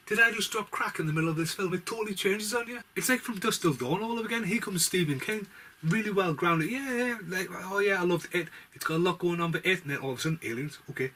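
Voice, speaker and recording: Bright-voiced rambling man reviewing films. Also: medium pitch, a little hiss or hum. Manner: rambling, swears freely. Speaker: movie reviewer. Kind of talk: casual movie review chat.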